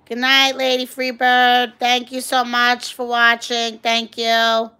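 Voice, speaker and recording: A woman's voice: on the high side, completely flat delivery, slow pace, bright, forceful tone, clear, resonant tone. A middle-aged woman with a New York accent hosting a casual livestream on a phone, gushing and greeting viewers by name. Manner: gushing, reads viewer comments aloud. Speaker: livestream host.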